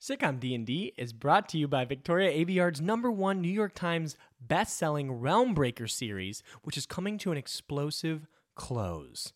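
A man's voice: on the high side, very animated, moderate pace, few pauses, dry recording, clean studio sound. A man reading a sponsor ad in an upbeat, emphatic way. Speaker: ad reader. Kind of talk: read sponsor ad.

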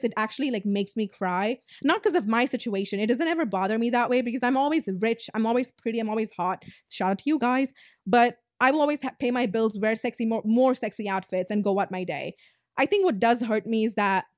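A woman's voice: on the high side, dry recording, studio quality. A woman in her twenties hosting a podcast, telling a story in a blunt, casual way, swearing freely and saying "like" a lot. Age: 20s. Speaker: podcast host.

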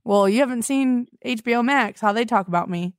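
A woman's voice: fairly high pitch, fairly quick, no echo, clean studio sound. A young woman hosting a comedy podcast, talking in a melodramatic, accusatory, whiny way. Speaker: podcast host. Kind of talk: improvised comedy phone call.

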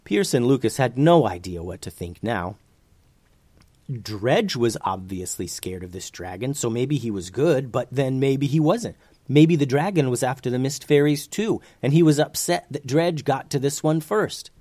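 A man narrating a children's fantasy story in an expressive, animated way. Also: mid-range voice, moderate pace, dry recording.

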